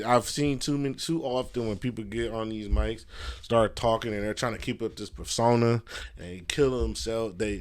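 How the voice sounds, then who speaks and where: A man hosting a casual solo podcast from a messy room at home, rambling loosely with fillers and swearing. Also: lowish voice. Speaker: podcast host. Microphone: podcast mic.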